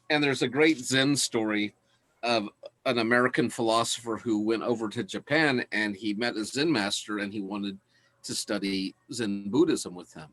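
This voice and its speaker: A man's voice: fairly low pitch, moderate pace, a bit bright, no echo. A man teaching in a casual lecture, enthusiastic and laughing often as he talks.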